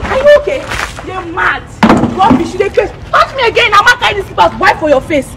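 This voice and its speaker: A woman's voice: extremely high pitch, lively intonation, fast, creaky. A Nigerian woman in a prank comedy sketch, scolding and then pleading, repeating herself, recorded outdoors on a street. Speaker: prank target. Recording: outdoor street noise loud.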